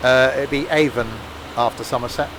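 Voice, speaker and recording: A man's voice: mid-range voice, fairly even intonation, moderate pace, noisy background. A man streaming a train simulator live, chatting and rambling as he counts off the stops. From England. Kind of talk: live game commentary.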